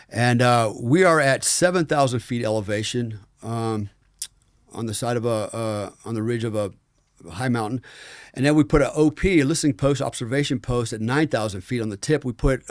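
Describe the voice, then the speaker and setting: A man's voice: mid-range voice, no echo, studio quality. A middle-aged American man, a former special forces soldier, telling war stories as a podcast guest in a frank, rambling way with many fillers. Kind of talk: storytelling in a conversational interview.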